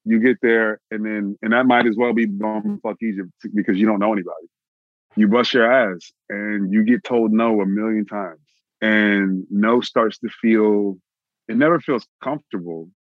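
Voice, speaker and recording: A man from Austin, Texas, an actor telling his own story in an interview, animated and repeating phrases for emphasis. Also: fairly low pitch, moderate pace, no room sound, phone-quality sound. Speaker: actor, guest.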